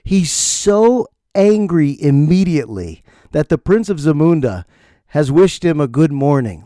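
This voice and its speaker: Brief: warm-toned middle-aged podcast host, animated comic riffing, quick laughs. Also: male voice, a little high, no room sound, clean studio sound. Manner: animated, laughs often, mimics lines. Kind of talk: comedic podcast monologue. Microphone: studio podcast mic.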